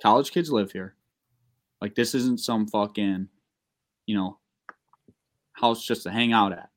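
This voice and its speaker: A young man telling a long, profane, excitable story in a casual podcast chat. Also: lowish voice, a little slow. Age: young adult.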